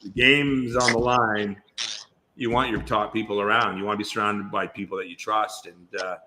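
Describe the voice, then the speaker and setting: A man's voice: fairly low pitch, steady tone, moderate pace, noisy background. A man, a guest actor on a podcast, chatting casually and telling long stories full of restarts. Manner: rambling storyteller, many restarts. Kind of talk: casual interview chat.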